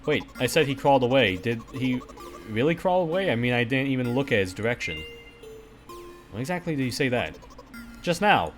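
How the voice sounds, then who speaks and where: A man's voice: medium pitch, big pitch swings, voice pushed up, close to an everyday voice. A man putting on a flustered anxious girl, music under. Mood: alarmed. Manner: nervous, rushed counting.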